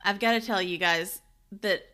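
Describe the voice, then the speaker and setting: A woman at a middle, everyday pitch gushes about a movie in a relaxed podcast chat. She laughs as she talks and gets personal and excited. Her delivery is loose and conversational. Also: normal speed. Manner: enthusiastic, confessional, laughs while talking. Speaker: podcast co-host. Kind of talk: casual movie discussion.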